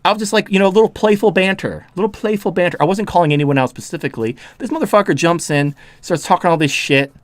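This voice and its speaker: Man ranting host, sharp and dry. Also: sits high, fast, hardly any pauses, no room sound, soft background music. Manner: heated, swearing, mocking. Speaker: podcast host. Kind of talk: profane ranting chat.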